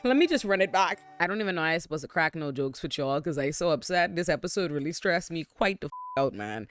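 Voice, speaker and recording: A man hosting a casual TV episode recap from a hotel room, ranting in an animated, exasperated and profane way. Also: fairly high pitch, fast, no room sound, soft background music. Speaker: TV recap host.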